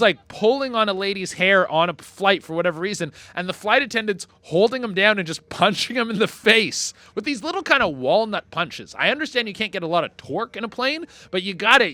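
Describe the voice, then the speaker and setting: A young man hosting a comedy podcast, riffing in a profane, animated way that swings between mumbled asides and loud bursts. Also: high-pitched, no echo. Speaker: podcast host. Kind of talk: casual comedic monologue.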